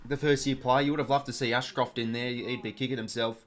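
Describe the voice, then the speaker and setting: A man's voice: mid-range voice, steady tone, quick pace. A young Australian man hosting a live watch-along stream, chatting casually, full of fillers and greeting viewers from chat.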